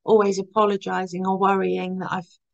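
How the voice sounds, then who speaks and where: A woman hosts a podcast in casual chat. She warmly agrees with her guest and often ends her points with tag questions. Her voice is mid-pitched. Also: monotone, a little fast, gravelly, highs cut off. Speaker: podcast host. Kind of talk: casual conversation.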